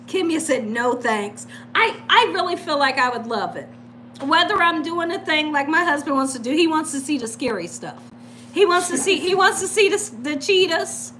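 A woman's voice: high voice, moderate pace, a little hiss or hum. A woman hosting a live cooking stream from home, chatting casually and telling stories with frequent laughter. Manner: animated, laughs often while telling stories. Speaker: cooking channel host.

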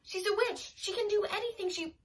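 A woman's voice: very high-pitched, brisk, pitched above the performer's own voice. A woman voicing an anxious little girl who talks in a fretful, insistent way.

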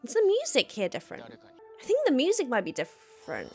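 A woman's voice: high voice, huge pitch swings, a little fast, darkish tone, soft background music. A woman giving an emotional, gushing reaction commentary while she watches a show. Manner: emotional, gushing, exclaims and laughs often. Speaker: reaction video host.

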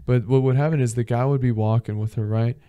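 A man's voice: medium pitch, fast talker, smooth, dull audio. A young man hosting a podcast, telling a travel story casually, swearing freely, laughing often and acting out what people said. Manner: animated and profane, laughs often, acts out quotes. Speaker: podcast host.

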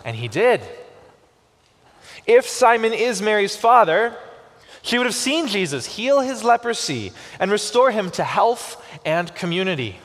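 Lively-voiced man preaching in a reverberant church. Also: high-pitched. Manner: expressive preaching with slow emphatic pauses. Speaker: pastor. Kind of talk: sermon. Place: church sanctuary.

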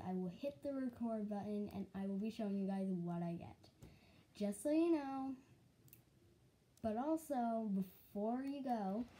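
A woman's voice: on the high side, warm tone. A woman hosting a casual vlog, talking chattily and directly to her viewers. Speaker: channel host.

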